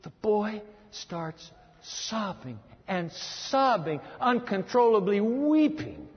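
A male preacher delivering a dramatic sermon, swinging between booming lines and hushed ones. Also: very animated, takes it slowly. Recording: lo-fi sound in a long-reverb hall.

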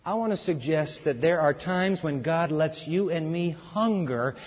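A man preaching a sermon in an animated way, acting out voices and urging his listeners to join in. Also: a little high, unhurried, husky. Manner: animated, acts out voices, urges the audience. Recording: echoey hall, dull lo-fi sound.

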